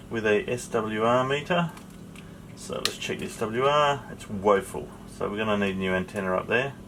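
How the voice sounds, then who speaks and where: Speaking from his sailboat, a man hosts a sailing vlog, chatting casually and rambling with plenty of ums. His voice sits in the mid range, and there is background noise.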